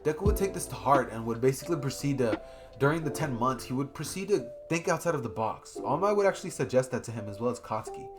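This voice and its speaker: A man's voice: medium pitch, lively intonation, quick pace. Man rambling through a fan story. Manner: rambling, improvised, self-correcting. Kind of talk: casual fan-story narration. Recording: guitar music playing behind.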